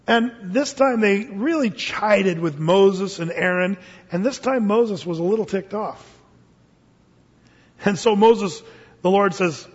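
A man preaches with animated delivery, laughing and jumping into character voices. His voice sits high and a little husky. It rings through a large hall with long reverb, heard on a dull, muffled recording. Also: a little slow. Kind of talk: sermon.

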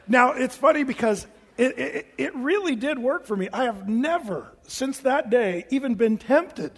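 High-ish voice guy pastor, jokey self-mocking sermon, big echoey church hall. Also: fairly bright tone. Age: 40s. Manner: joking, conversational, self-mocking. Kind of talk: humorous storytelling sermon.

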